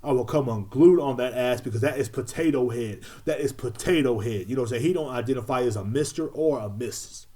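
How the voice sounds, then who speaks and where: A man playing a self-righteous, foul-mouthed adult man in a loud, repetitive satirical rant. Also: medium pitch, fairly quick, few pauses, natural voice. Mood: indignant. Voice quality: loud, emphatic, swearing, repetitive.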